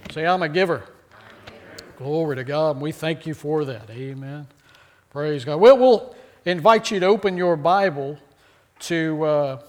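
A male pastor with a notably high-pitched voice delivers a sermon in an easygoing, joking way. He keeps prompting the congregation to answer him and repeat phrases. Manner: joking, call-and-response with congregation.

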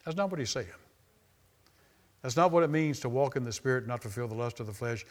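A man preaching a sermon in a church, emphatic and repeating phrases for stress, rising to loud exclamations. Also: medium pitch, lively intonation, fairly quick.

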